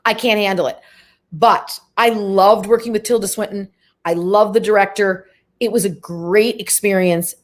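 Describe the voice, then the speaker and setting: A middle-aged actress as an interview guest, chatting casually and laughing, who slips into quick impressions while telling stories. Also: female voice, mid-range voice, steady tone.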